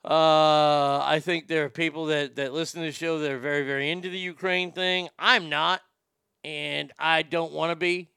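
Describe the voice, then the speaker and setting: A man hosting a comedy podcast, delivering an irreverent, rambling monologue with deadpan jokes. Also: a little high, moderate pace, creaky, clean tone, dry recording, clean studio sound.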